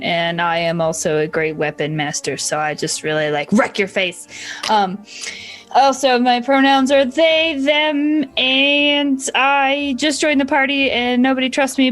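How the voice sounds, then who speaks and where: A woman player rambling and giggling through a casual tabletop introduction. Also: mid-range voice. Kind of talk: casual chat at a tabletop game.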